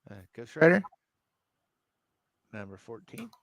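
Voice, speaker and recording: Co-host, man, lively up-and-down voice, wry teasing, dry close sound. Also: fairly high pitch, unhurried, dry recording. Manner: wry, teasing, reading off items. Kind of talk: casual livestream chat.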